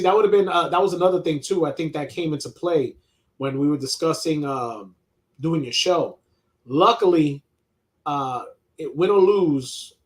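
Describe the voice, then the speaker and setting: A middle-aged man, hosting a loose live chat, reading viewer questions and talking sports with lots of swearing and restarts. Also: on the high side. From New York. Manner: laid-back, swears freely, many restarts and laughs. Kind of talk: casual live-stream chat.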